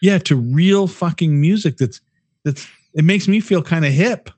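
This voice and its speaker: A man's voice: a little high, unhurried, darkish tone, breathy edge, no room sound. A man co-hosting a podcast in casual, profane, rambling chat, often laughing. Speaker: podcast co-host.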